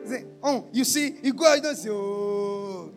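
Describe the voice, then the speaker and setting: A man preaching a sermon, shouting and half-singing, then dropping to a low confiding tone. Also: unhurried, faint music behind.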